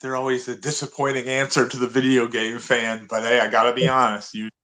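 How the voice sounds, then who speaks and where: A man's voice: medium pitch, little pitch movement, fairly quick, sharp tone. A man co-hosting a podcast, chatting easily about old video games with frequent restarts. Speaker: podcast co-host. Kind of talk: casual gaming chat.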